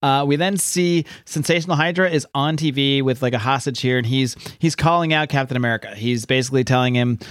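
Fast-talking man, animated comic recap. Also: medium pitch, dry recording, clean studio sound. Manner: animated, enthusiastic retelling. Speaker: podcast host. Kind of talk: casual chat recapping a comic.

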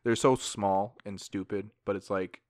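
A man in his twenties on a casual podcast, telling animated stories with plenty of casual swearing. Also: lowish voice, a little slow, dry recording. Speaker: podcast co-host.

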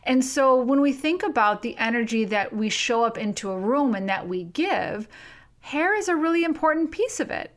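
A middle-aged woman talks through a solo podcast episode in a candid, conversational way. Her voice sits a little high, and she pokes fun at herself as she shares a personal story and reads aloud from her book. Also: animated, moderate pace. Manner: candid, self-deprecating and conversational. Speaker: podcast host.

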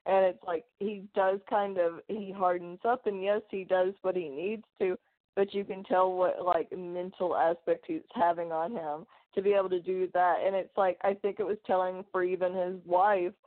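A woman's voice: fairly low pitch, steady tone, normal speed, no echo. A woman co-hosting a podcast from home, chatting casually with joking asides. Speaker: podcast co-host. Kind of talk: casual chat. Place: home with hardwood floors. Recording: dry, tinny phone-like line.

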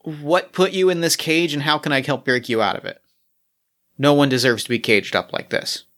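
A man playing Orpheus as a kind, earnest hero, speaking solemnly with many halting restarts. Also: on the high side, steady tone, a bit bright, close to an everyday voice. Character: Orpheus, earnest gentle male hero, merciful.

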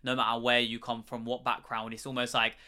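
A man's voice: medium pitch, monotone, brisk, pushed and bright. A young British man with a British accent, rambling in a casual chat with lots of "like" and free swearing. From Britain. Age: young adult. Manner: rambling, swears freely, many likes.

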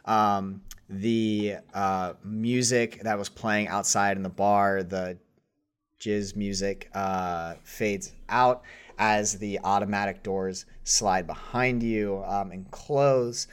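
A man runs a tabletop role-playing game, narrating slowly in a low voice. He rambles and stacks up fillers as he describes scenes. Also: steady tone, clear, resonant tone. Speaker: game master.

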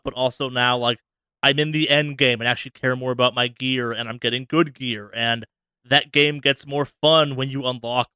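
A man co-hosting a podcast, rambling casually about a video game with many restarts and quick asides. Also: medium pitch, clear, resonant tone, no echo. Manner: rambling, many restarts, animated voices for quotes. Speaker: podcast co-host.

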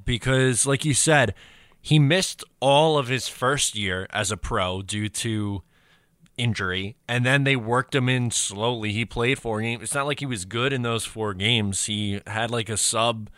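A man co-hosting a sports podcast who guides the talk and explains the points in a steady, even way. His voice is mid-pitched. The sound is dry and close to the mic. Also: no room sound. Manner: steady and explanatory, leads the segments. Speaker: podcast co-host. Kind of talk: casual sports podcast chat.

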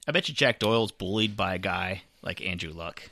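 A man's voice: low voice, expressive, fairly quick, vocal fry, bright, forceful tone, no echo. A man co-hosting a sports podcast, laid-back with dry humor in casual chat. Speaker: podcast co-host.

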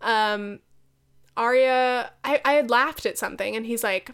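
A woman's voice: fairly high pitch, normal speed, a bit bright, smooth. A young woman hosting a solo podcast, chatting casually with lots of fillers, swearing and laughing often. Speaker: podcast host.

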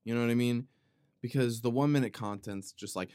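A man hosting a podcast, talking in a playful, rambling comedic monologue that wanders off on tangents, with sudden loud outbursts. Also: medium pitch, fairly quick, clean tone, no room sound, studio quality. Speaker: podcast host.

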